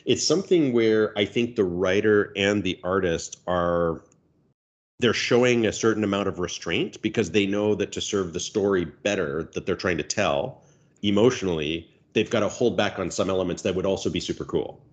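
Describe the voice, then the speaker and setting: A very low-pitched man joins a podcast as a guest author. He sounds thoughtful and measured as he analyses. His voice comes through dull and lo-fi. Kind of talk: casual chat.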